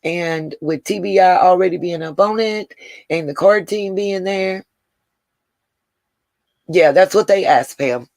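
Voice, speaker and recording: A woman's voice: on the low side, unhurried, vocal fry, pauses often, a little mellow, no room sound. Woman chatting on a livestream. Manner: talks to chat viewers by name, Southern "y'all". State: emotional, close to tears. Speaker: livestream host. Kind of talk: casual livestream chat.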